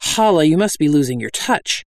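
Guy doing a gleeful savage warrior girl, raised and bright, dry sound. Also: fairly high pitch, animated, moderate pace, no room sound. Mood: eager. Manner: joyously savage. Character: eager, bloodthirsty young warrior woman.

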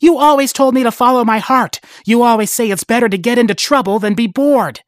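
A woman voicing an eager, rebellious young girl who pleads excitably. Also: on the high side, fairly quick, dry recording, clean studio sound, voice pushed up, lightly acted. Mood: pleading.

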